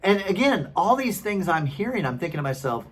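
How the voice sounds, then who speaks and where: A man's voice: high voice, big pitch swings, brisk, breathy edge. A man in his thirties, a former pastor, telling his story casually and rambling with many fillers. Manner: chatty and rambling, many fillers and restarts, frequent laughs.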